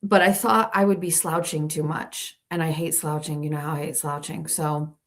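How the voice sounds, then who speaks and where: A woman's voice: low voice, steady tone, moderate pace, a bit bright. A woman hosting a livestream from home on a laptop mic, ranting casually with irritated, profane asides to her viewers. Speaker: livestream show host.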